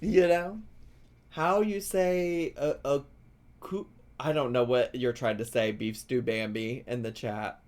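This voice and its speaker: A man's voice: medium pitch, fairly even intonation, slow, a little mellow. A man giving casual, playful live-stream commentary on a video, laughing often and drawing out words in mock pronunciations. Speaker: reaction streamer.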